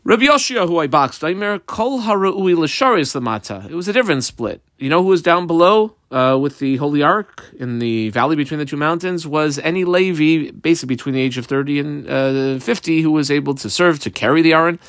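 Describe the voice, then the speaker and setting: A man's voice: on the high side, expressive, brisk, hardly any pauses, fairly bright tone, no echo, studio quality. A man teaching a Talmud class line by line. He reads each phrase of the Hebrew and Aramaic text, then explains it in casual English, with many fillers along the way.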